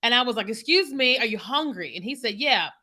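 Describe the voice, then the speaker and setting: A bright-voiced woman in her thirties talks to her livestream viewers as a business coach. Her pitch sits a little high, and she keeps checking in with "you know what I mean?" The delivery is loose and conversational, spoken into a computer mic. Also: animated, fairly quick. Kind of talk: casual livestream chat with viewers. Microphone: computer mic on a streaming setup.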